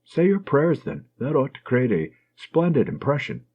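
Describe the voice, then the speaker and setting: A man reading an audiobook, voicing a teasing, affectionate young woman nurse in a husky, slightly raised voice that swings lively up and down, on a dull lo-fi recording. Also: mid-range voice, moderate pace. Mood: tender.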